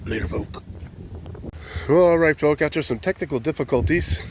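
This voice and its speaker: This casual vlog has a man rambling folksily to his "folk" from a van and a waterside spot, phone in hand. He speaks at a moderate pace in a fairly high, darkish voice, with a bit of background noise.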